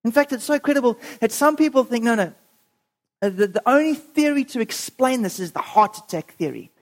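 A preacher giving a sermon, telling a story in a lively way and acting out the voices of the people in it. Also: medium pitch, fairly quick.

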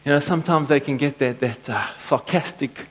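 A man preaching a sermon, telling stories and acting out quotes with lively energy. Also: mid-range voice, fairly quick, poor audio. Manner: storytelling, animated with acted-out quotes. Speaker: pastor.

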